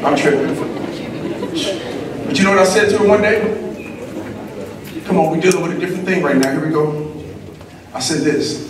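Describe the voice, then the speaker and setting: A middle-aged man from California giving an energetic, slangy motivational speech at a school assembly, calling back and forth with the audience. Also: a little high, moderate pace, pauses often. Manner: energetic, slangy, call-and-response with the crowd. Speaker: motivational speaker. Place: large echoey school auditorium. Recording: very echoey hall, distant mic, noisy.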